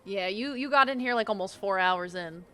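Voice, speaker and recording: A young woman hosting a game stream, chatting loosely and teasing her friends. Her voice sits at a middle pitch, and she talks with a playful edge, quick to laugh. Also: a bit bright, clean tone, faint music behind. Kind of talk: casual gaming chat.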